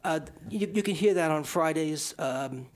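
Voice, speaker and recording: A man's voice: on the high side, a little slow. A man co-hosting a community radio show, rambling and joking with many restarts. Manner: rambling, self-interrupting, jokey. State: out of breath. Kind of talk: casual radio chat.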